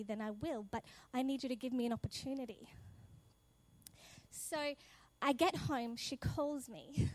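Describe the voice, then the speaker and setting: A woman telling a faith testimony in a lively way, acting out the dialogue and often laughing. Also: sits high. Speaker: speaker sharing a testimony. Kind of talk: animated personal testimony.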